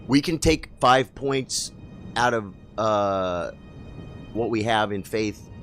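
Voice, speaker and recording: A man giving excitable, chatty live commentary while streaming a game and talking to his chat. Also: lowish voice, slow pace, soft background music.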